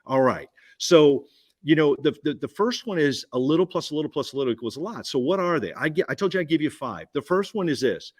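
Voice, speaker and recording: A man giving an energetic business pitch at a roundtable, punchy and repetitive, firing questions at the listener. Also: quick pace. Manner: punchy, repeats key phrases, asks listener questions. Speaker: guest speaker.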